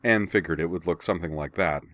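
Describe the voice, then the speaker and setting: A man giving steady, measured scripted narration of a story. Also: sits low, no echo, clean studio sound.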